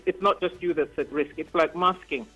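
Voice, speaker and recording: Earnest higher-voiced man on a dull line. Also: fairly even intonation, normal speed, bright, forceful tone, breathy edge, soft background music. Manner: earnest, persuasive, with many fillers. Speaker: panel guest. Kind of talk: remote panel discussion.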